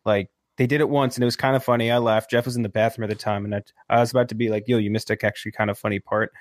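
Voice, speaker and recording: A man co-hosting a casual movie chat, ranting in an animated way and swearing often. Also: fairly low pitch, racing, dry recording, clean studio sound. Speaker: podcast co-host.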